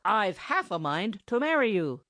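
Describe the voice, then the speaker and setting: A woman voicing a clumsy male monster henchman who croaks and roars. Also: medium pitch, very animated, measured pace, bright, forceful tone, dry recording, clean studio sound, voice pushed up. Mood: leering. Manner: croaking, roaring.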